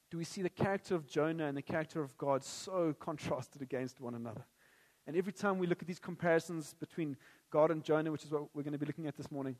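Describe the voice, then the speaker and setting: A man's voice: fairly high pitch, darkish tone, big-room sound. A man preaching a sermon, joking at first and then earnest and prayerful.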